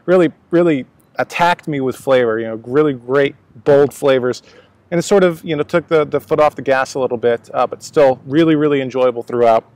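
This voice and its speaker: Man, mid-pitched voice, rambling casual cigar review, lots of ums and restarts. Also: a little mellow, dry recording. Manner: rambling, many fillers and restarts. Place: outdoors at a laptop, breezy day.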